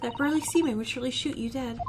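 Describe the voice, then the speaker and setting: A woman's voice: high-pitched, fast talker, noisy background, natural voice. A woman reading the lines of a polite young male student, with hesitant, courteous questioning.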